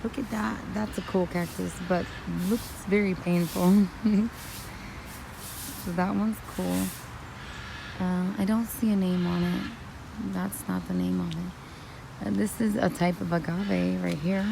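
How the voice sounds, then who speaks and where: Slow, gravelly-voiced woman vlogging outdoors. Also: fairly low pitch, fairly even intonation. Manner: chatty, thinking aloud, self-correcting. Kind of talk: casual walk-through vlog. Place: outdoor plant nursery with a bird area. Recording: loud outdoor noise with birds and traffic.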